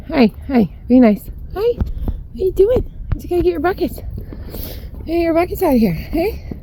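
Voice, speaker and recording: A young woman's voice, high and bouncing all over, with an unhurried pace and a gravelly edge. She chats and coos at her horses outdoors at a barn, with faint outdoor noise behind her. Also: dark tone. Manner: chatty, talks to the animals in baby-talk. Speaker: barn owner vlogger. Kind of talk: casual vlog chat with horses.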